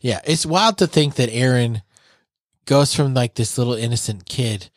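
Male co-host at mid pitch, casual and profane while recapping episode scenes; dry close sound. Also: normal speed, no echo. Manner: retells scenes, swears freely. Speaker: podcast co-host. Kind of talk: casual review chat.

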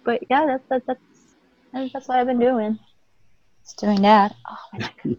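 A woman's voice: on the high side, fairly even intonation, unhurried, darkish tone, no room sound. A chatty young woman guest rambles on in a casual conversation, laughing often. The recording is dry and slightly muffled, with a lo-fi sound. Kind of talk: casual chat.

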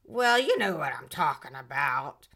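A woman doing an impression of a tipsy reality TV woman who slurs her words slowly. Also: deep voice, creaky, pushed and bright, voice pushed down, exaggerated voice. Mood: slurring. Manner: slurred, slow, sing-song.

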